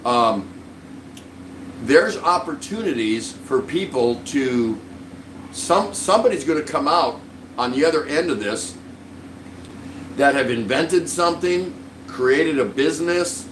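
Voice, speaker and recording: A man's voice: medium pitch, lively intonation, slow, pauses often, recorded from a distance, slight background noise. Man, casual live-stream host, friendly and rambling, roomy echo, set back from the mic. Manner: friendly, rambling, greets viewers by name. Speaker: livestream vlog host.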